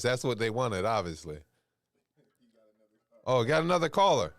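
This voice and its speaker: A man hosting a call-in podcast, talking in a relaxed, rambling, slangy way. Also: mid-range voice, moderate pace, no room sound. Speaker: podcast host. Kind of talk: casual call-in chat.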